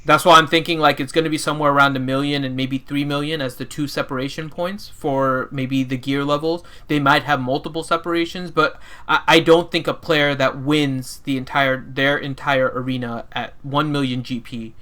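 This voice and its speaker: A man's voice: a little high, steady tone, normal speed, hardly any pauses, bright, forceful tone. A man co-hosting a casual gaming chat stream, reading out viewer questions and explaining his views. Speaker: podcast co-host.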